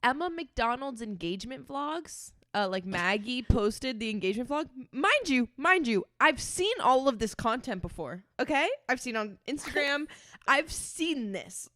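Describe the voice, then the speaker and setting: A woman in her twenties co-hosting a casual podcast, telling stories in a chatty, animated way and swearing freely. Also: high voice, measured pace, no echo, studio quality. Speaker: podcast co-host. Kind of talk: casual chat.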